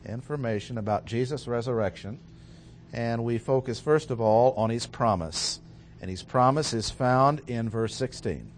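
Man teaching scripture, measured and emphatic. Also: medium pitch, slight background noise. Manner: measured, explanatory, stresses key words. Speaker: Bible teacher. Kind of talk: expository Bible lecture.

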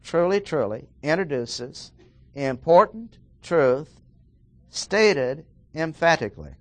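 A man preaching a verse-by-verse sermon, emphatic and slowing down to stress the key words. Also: on the high side, sing-song, no echo.

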